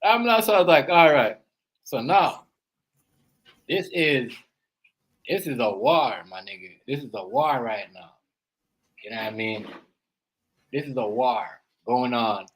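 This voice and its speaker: A man hosting a live stream, rambling through casual reaction commentary and swinging between loud outbursts and quiet asides. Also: medium pitch, expressive, unhurried, pauses often, breathy edge, low-quality recording. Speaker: stream host. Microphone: live stream setup.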